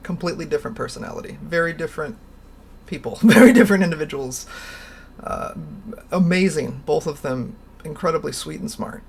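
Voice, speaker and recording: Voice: medium pitch, expressive, a little fast, vocal fry. A livestream host telling stories in a casual, rambling way, laughing often and swearing casually.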